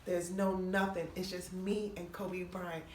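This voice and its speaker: A woman's voice: lowish voice, a little slow. A woman comedian telling a long, profane story on a podcast, acting out the people in it. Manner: animated, profane storytelling with quoted voices. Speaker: comedian guest. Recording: roomy, distant mic with faint noise.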